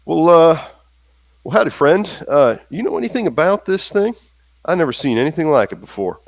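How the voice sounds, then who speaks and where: A man's voice: a little high, sing-song, normal speed, gravelly, dry recording, pitched above the performer's own voice, full character voice. A man voicing a friendly, folksy driver with a Texan accent in a tabletop game.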